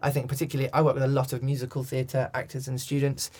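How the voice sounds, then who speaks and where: A man's voice: mid-range voice, completely flat delivery, quick pace, darkish tone, husky. A man, a coach, answering interview questions thoughtfully with frequent restarts and ums. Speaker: accent coach.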